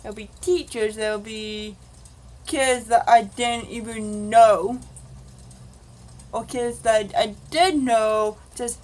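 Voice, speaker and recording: A woman's voice: on the high side, takes it slowly, pauses often, a little mellow, rough recording. A woman vlogger telling a rambling, casual confessional story and acting out the dialogue. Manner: rambling, acts out quoted dialogue.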